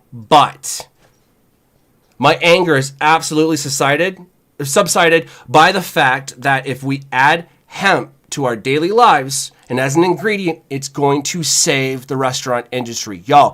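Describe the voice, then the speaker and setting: A chef co-hosting a podcast, talking in a casual, animated, profane rant with lots of "y'all.". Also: male voice, on the high side. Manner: animated, profane, says "y'all" and "you know what I'm saying".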